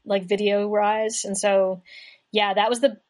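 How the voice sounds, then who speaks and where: A woman's voice: mid-range voice, little pitch movement, a little slow. Chatty young woman guest, rambling storyteller. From Kentucky, US. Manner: chatty, rambling, lots of "like" fillers. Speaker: guest musician. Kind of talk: casual chat.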